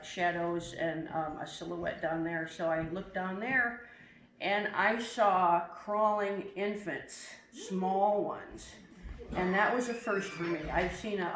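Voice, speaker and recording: Calm, hesitant testimonial speaker. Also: mid-range voice. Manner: hesitant, many fillers and restarts, calm. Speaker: camp visitor giving a testimonial. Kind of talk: casual testimonial. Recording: roomy echo, faint noise.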